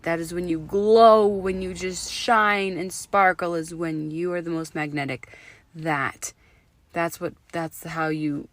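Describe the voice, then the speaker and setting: A woman in her thirties hosting her own podcast, slightly hoarse from illness, talking in an excited, effusive way and dropping to a whisper for emphasis. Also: fairly low pitch, dry recording. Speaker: podcast host. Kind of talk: solo podcast monologue.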